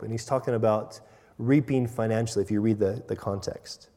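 A man preaching a sermon as pastor, earnest, dropping to a quiet hush on key points. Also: mid-range voice, fairly even intonation, fairly quick. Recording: long hall reverb.

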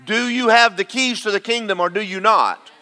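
A man's voice: high-pitched, moderate pace, sharp tone. A male pastor preaching a sermon, emphatic and repeating lines for stress as he calls out to the congregation.

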